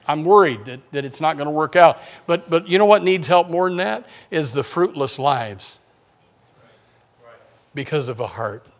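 A male pastor, speaking in a somewhat higher voice than most men. He preaches in a loose, conversational way, stumbling over restarts and dropping joking asides. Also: expressive, moderate pace. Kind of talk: sermon.

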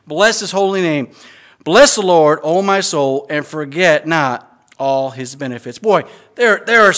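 A man's voice: fairly high pitch, fairly bright tone. A middle-aged man preaching an earnest sermon as pastor, with frequent stammering restarts and emphatic rises.

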